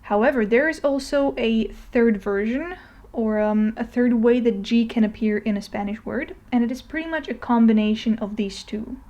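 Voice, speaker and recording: A woman's voice: on the high side, normal speed, dark tone. A woman teaching a pronunciation lesson, explaining patiently step by step and often checking in with "okay?". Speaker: language teacher. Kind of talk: narrated language lesson.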